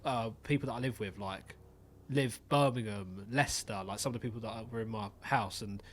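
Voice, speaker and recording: A young man hosts a podcast in a lowish, fairly quick voice, chatting casually. He tells stories animatedly, acts out voices, and swears freely.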